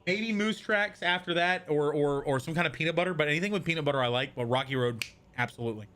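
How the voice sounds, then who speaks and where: A man's voice: a little high, quick pace, sharp tone. A young man chatting casually on a live stream, rambling and answering viewers from chat as he goes.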